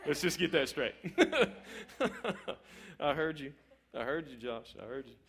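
In church, a middle-aged man preaches an informal, conversational sermon, repeating words and asking his listeners questions to check in with them. His voice is on the high side, a bit bright and breathy, and a little slow.

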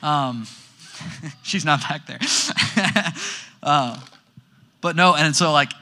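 Bright, lively young youth pastor. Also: male voice, on the high side, extremely slow. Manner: animated storytelling, heavy use of "like". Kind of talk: casual sermon to a youth group.

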